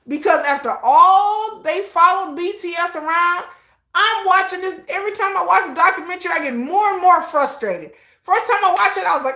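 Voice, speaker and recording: A woman's voice: very high-pitched, normal speed, reverberant. A woman hosting a casual livestream, talking expressively, swearing freely and answering viewer comments. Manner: animated, expressive, swears freely, frequent "I'm like" asides. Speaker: livestream host. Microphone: streaming setup.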